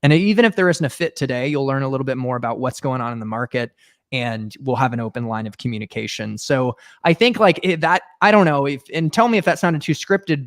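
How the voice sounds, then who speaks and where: A man hosting an interview podcast, talking enthusiastically about sales and asking his guest questions. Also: mid-range voice. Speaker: podcast host. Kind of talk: conversational interview.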